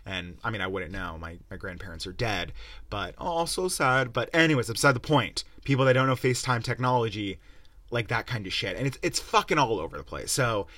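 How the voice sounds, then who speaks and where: A young male podcast host with a lowish voice, swearing freely and wandering off on sarcastic tangents. The sound is dry and close, with no room echo. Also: a little fast, pushed and bright. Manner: profane, rambling, sarcastic. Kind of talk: casual rant-style review.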